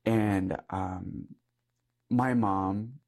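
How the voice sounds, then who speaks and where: A man's voice: on the low side, fairly even intonation, extremely slow, darkish tone. A young man, a Catholic priest, telling a personal story in earnest conversation and laughing often. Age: young adult.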